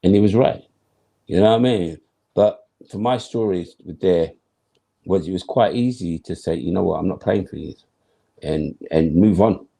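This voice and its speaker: A man's voice: sits low, moderate pace, vocal fry, warm tone, slightly rough. A man, a former footballer telling stories as an interview guest, emphatic and slangy, acting out his own thoughts. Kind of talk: animated storytelling in conversation.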